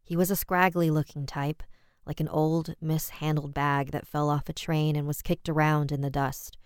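A woman with a low, smooth, resonant voice narrates a scary tale in a measured, even way. The recording is dry and close, with no room sound. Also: no echo. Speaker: podcast narrator. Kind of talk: scripted horror story narration.

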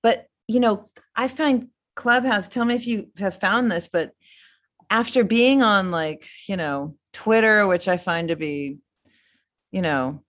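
A woman's voice: medium pitch, a little slow, fairly bright tone. A middle-aged woman guest in a casual interview, rambling enthusiastically with many fillers and restarts. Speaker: filmmaker guest.

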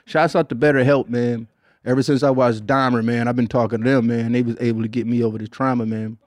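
A man's voice: mid-range voice, fairly even intonation, fast talker, darkish tone, no echo, clean studio sound. A man hosting a comedy podcast in a loose, profane, laid-back way, ending most phrases with "man" and reading out listener messages. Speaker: podcast host. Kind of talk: casual comedic podcast chat.

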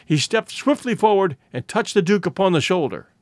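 A man narrating a classic story as an audiobook in an expressive, measured way. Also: sits high, no room sound.

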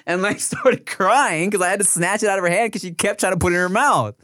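A man's voice: sits high, fast, sharp tone, no echo, studio quality. A man, a podcast co-host, chatting casually, laughing often and giving short replies. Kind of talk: casual chat.

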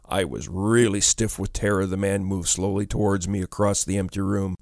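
A man narrating a ghost story in a measured storytelling delivery. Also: low voice, fairly even intonation, vocal fry, a little mellow, no room sound, studio quality.

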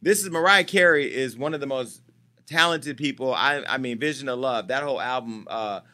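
A man's voice: mid-range voice, moderate pace, bright, forceful tone. A man hosting a celebrity gossip show, talking in a brash, profane, teasing way as he chats casually and jokes with staff off camera.

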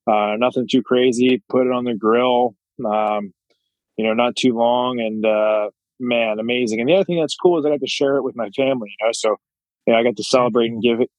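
A man's voice: medium pitch, dry recording, low-quality recording. A young man talking as a podcast guest, thoughtful and rambling, with lots of "uh"s and "you know"s. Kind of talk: casual interview chat.

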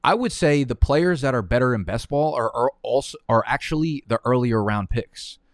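A young man streams live while drafting fantasy football, rambling through his picks in profane, heated rants. His voice is medium-pitched and expressive at normal speed, recorded in studio quality with no echo.

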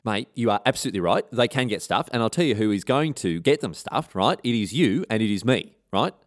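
Voiced by a man, a cocky soldier with a broad Australian accent talks in a low, lively drawl. He is scheming and crude, full of slang and swagger. The voice has a loose storytelling feel. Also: brisk, dry recording, studio quality, natural voice.

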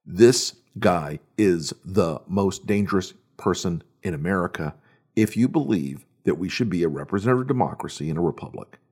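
Low, husky man delivering political commentary. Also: animated, normal speed, darkish tone. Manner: emphatic, repetitive, sardonic. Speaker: host.

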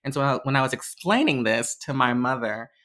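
A woman's voice: animated, fairly quick, a bit bright. A young adult woman, a podcast guest and diversity educator, telling stories casually and animatedly, laughing often between phrases. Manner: acts out quotes in a much higher voice. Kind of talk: casual conversational storytelling.

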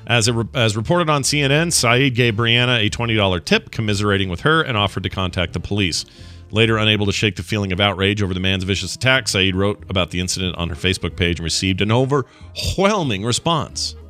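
A man co-hosting a casual comedy podcast, reading a news story and riffing on it in an animated, joking way. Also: on the low side, fast, soft background music. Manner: animated, jokey, getting worked up. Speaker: podcast co-host.

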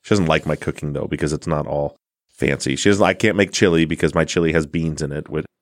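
A male podcast host with a very deep, low voice, chatting casually in a joking, teasing way. The sound is dry and close, with almost no room echo. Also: fast talker. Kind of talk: casual interview chat.

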